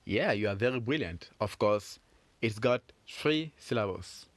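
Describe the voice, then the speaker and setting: A man teaching a French phonics lesson for children, encouraging and repeating words slowly for learners. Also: on the low side, lively intonation, no echo.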